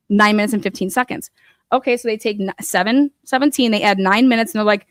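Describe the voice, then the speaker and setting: A woman's voice: a little high, quick pace, no room sound, studio quality. A woman hosting a true crime podcast, talking bluntly and profanely as she walks through a case with plenty of fillers. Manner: profane and blunt, retelling events with lots of fillers. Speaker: host.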